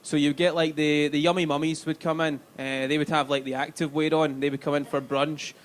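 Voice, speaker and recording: A stand-up comedian from Glasgow, Scotland, performs live on a comedy club stage with a Glaswegian accent, chatty, sweary and checking in with the crowd. His voice is a little high with little pitch movement, and he talks fairly quickly.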